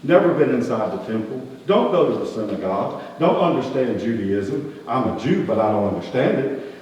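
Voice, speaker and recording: A pastor playing a folksy skeptical shepherd. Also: male voice, medium pitch, normal speed, highs cut off, voice pushed down, lightly acted. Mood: earnest. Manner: folksy, colloquial grammar, rising animated questioning. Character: skeptical rough-spoken male shepherd, outcast, earthy. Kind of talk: first-person dramatic sermon monologue. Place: church sanctuary. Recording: echoey hall, distant mic, faint hum.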